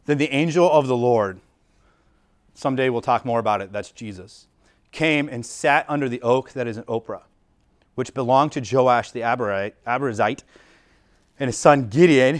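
At a normal speed and mid-range pitch, a pastor gives a casual, explanatory sermon. As he works through the text, he frequently restarts phrases and relies on "like."

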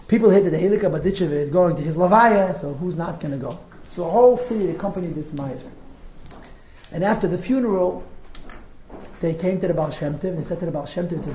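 Teacher, male, lively storyteller with asides, roomy classroom sound, faint hiss. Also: high-pitched, quick pace. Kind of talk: storytelling lecture. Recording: roomy echo with faint noise.

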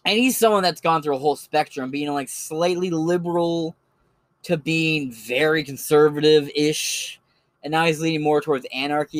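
A man with a voice on the high side, recorded with no echo, casually recommends online creators as a channel host. The solo commentary meanders, stays laid-back, and includes plenty of swearing.

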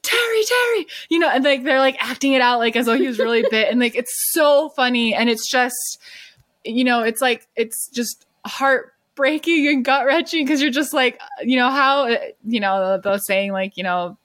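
A woman's voice: on the high side, moderate pace, fairly bright tone, no echo, clean studio sound. Gushing, rambling woman podcaster. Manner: gushing, rambling with many fillers. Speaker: podcast co-host. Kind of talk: casual chat.

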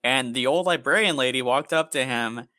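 A young man co-hosting a podcast, swearing casually and acting out stories with squeaky impressions. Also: moderate pace, dry recording. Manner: profane, animated storytelling with squeaky impressions. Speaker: podcast co-host. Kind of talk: casual chat, storytelling.

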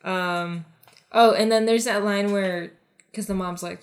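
A woman's voice: medium pitch, steady tone, normal speed. A woman co-hosting a podcast in casual chat, talking with many fillers and restarts. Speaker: podcast co-host.

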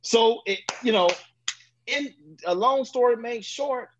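A man's voice: slow, noisy background. A man around forty, a former pro quarterback, telling a long story as a podcast guest and acting out other people's words. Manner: animated, acts out quoted people with sudden high, loud bursts. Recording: dull lo-fi audio.

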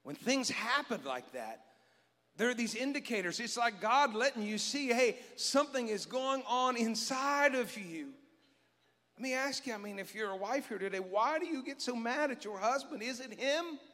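A middle-aged man preaching a sermon as pastor, animated and joking with his congregation. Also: extremely high pitch, normal speed. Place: church sanctuary. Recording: long reverb of a church hall.

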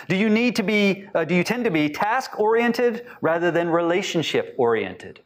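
A man giving a talk to a live audience, asking them many questions and acting out short quotes in lively voices. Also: high voice, normal speed. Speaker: speaker teaching on attachment styles.

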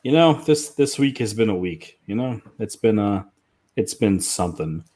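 Foul-mouthed teasing podcast host. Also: male voice, on the low side, animated, moderate pace, mellow. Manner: crude, teasing, laughs a lot. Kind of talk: casual profane banter.

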